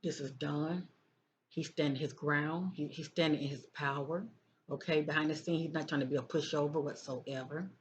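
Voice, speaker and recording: Moving through the tarot cards in a relaxed way, this psychic reader keeps a medium pitch, fairly even intonation and a moderate pace. There's frequent repetition and regular checking in with "okay?". Sound quality is dull and lo-fi, with faint noise.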